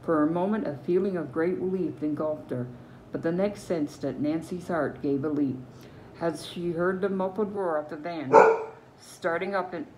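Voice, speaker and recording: An older woman with a Newfoundland accent reading a novel aloud, steady, with small slips she corrects. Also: deep voice, moderate pace, background noise. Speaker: reader.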